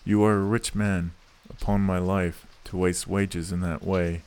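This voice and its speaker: Man playing a shrill scolding woman, domineering, furious temper, storybook reading. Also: flat delivery, measured pace, a little mellow, clean tone.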